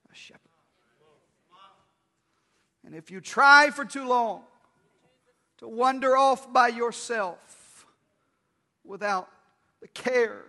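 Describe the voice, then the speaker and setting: Pastor guy preaching, real high tense voice, big echoey hall w/ soft music under. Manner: dramatic preaching, swings from loud to hushed. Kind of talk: sermon. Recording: long hall reverb with faint music.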